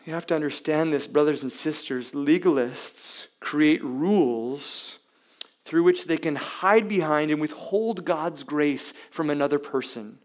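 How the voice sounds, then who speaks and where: Male pastor, sermon, emphatic, rhetorical questions, loud-to-hushed swings. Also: a little high, a little slow. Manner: uses rhetorical questions to the congregation.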